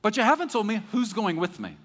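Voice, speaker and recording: A man voicing an exasperated, emphatic man who pleads loudly with God and repeats himself. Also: high voice, fast talker, voice pushed up, heavily acted. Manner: loud, animated, repeats himself. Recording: echoey hall.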